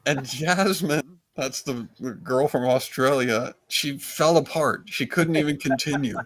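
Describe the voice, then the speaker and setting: A man, a comedian guest, telling stories in a rambling, animated way with frequent restarts. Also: mid-range voice, measured pace. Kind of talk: casual storytelling chat.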